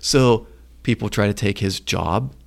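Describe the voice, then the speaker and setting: A man's voice: fairly low pitch, unhurried, vocal fry. Man, podcast co-host, casual faith chat, storyteller, acts out quotes. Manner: retells stories with lively acted-out quotes.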